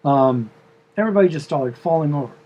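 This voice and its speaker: A man's voice: a little high, lively intonation, a little fast, dark tone, slight background noise, rough recording. A man telling the story of a dream in a casual, meandering way, full of fillers and asides.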